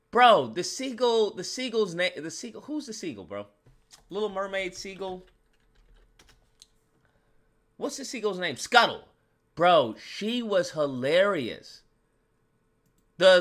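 An animated man rants about a movie in a casual, slangy way, repeating himself and tossing in "bro" again and again. His voice sits a little high and sounds bright and forceful, and his pitch swings widely as he talks. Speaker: movie reviewer. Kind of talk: casual movie review rant.

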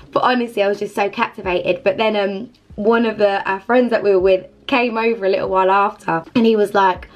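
A woman's voice: mid-range voice, fast talker, hardly any pauses. A young woman chatting to camera as a Christian vlogger, effusive and rambling, with lots of "like" fillers. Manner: effusive, rambling, heavy use of "like". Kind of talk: casual chat to camera.

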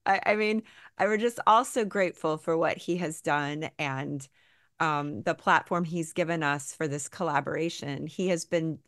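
A woman hosts a podcast interview in a very low voice, recorded dry with no room sound. She talks reflectively, rambling with fillers. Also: fairly bright tone, no echo. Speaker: podcast host. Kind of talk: conversational interview.

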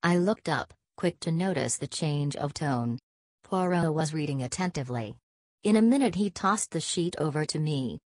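Brief: woman narrator, low voice, measured audiobook read, dry close sound. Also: expressive, darkish tone, no room sound. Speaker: audiobook reader. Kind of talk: scripted narration.

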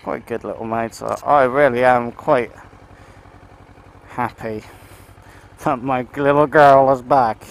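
A man's voice: medium pitch, fairly even intonation, takes it slowly, vocal fry, long pauses, slight background noise, rough recording. A man vlogging from his motorcycle, rambling and swearing as he rides through town. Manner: rambling, sweary, talks to himself and his bike. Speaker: motovlogger. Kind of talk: casual motovlog chat while riding.

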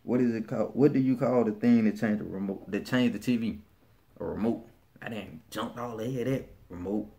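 A man's voice: fairly low pitch, fairly quick, dark tone. A man with a Birmingham, Alabama accent chatting casually in a vlog, laid-back and slangy, often restarting his sentences. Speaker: vlogger.

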